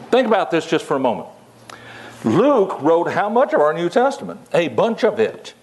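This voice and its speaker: A man's voice: on the high side, darkish tone. An older man teaching the Bible in a folksy, conversational way, with many fillers and asides.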